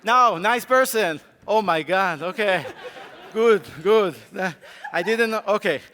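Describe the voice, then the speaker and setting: Man, conference speaker, sore throat, high bright voice, slow unhurried delivery, echoing hall, faint crowd. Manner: playful, animated, coaxing the audience. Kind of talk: live on-stage tech talk directing volunteers. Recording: long hall reverb, faint crowd noise.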